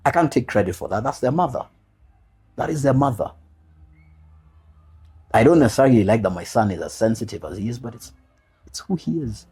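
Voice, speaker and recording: Male podcast guest, husky and animated in pitch, earnest and personal. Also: a little fast, long pauses. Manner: heartfelt, repeats key phrases for emphasis; casual slang mixed with earnest reflection. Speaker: podcast guest, single father. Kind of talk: personal storytelling in a podcast interview.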